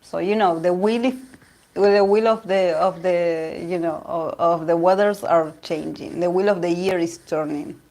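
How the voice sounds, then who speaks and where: On her tarot livestream, an Argentine woman who hosts the channel rambles chattily in Spanish-accented speech, laughing often and restarting sentences. She is a native Spanish speaker whose voice is low, a little mellow, fairly level in tone, and unhurried.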